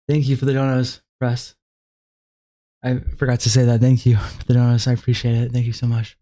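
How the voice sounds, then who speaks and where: A man's voice: medium pitch, completely flat delivery, normal speed, pauses often, warm tone. A man live-streaming in casual talk, exhausted and struggling to speak, exasperated, with heavy sighs and swearing.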